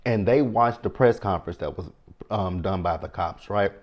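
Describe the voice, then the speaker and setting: Chatty low-voiced man. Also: normal speed. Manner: chatty and animated, talks to viewers directly. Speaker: TV show recap host. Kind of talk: casual episode recap.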